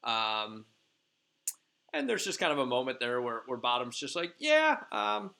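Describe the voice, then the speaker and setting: A man's voice: mid-range voice, animated, moderate pace, bright, forceful tone. A male teacher retelling a play for his class in a chatty, informal way with lots of fillers.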